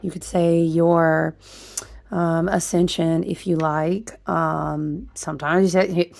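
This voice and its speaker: A woman's voice: fairly low pitch, normal speed, creaky, a little mellow. Woman rambling about astrology and tarot, lots of ums and restarts, still a bit chesty from a cold. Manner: rambling, stream-of-consciousness, with many fillers and restarts. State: recovering from a chest cold, occasional coughs. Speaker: astrology and tarot channel host. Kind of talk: casual spiritual monologue.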